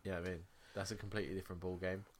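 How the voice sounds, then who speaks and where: A man's voice: low voice, level tone, racing, a little hiss or hum. Sweary English man telling stories. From England. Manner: sweary, storytelling, laughs often. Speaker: podcast co-host. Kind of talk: casual chat.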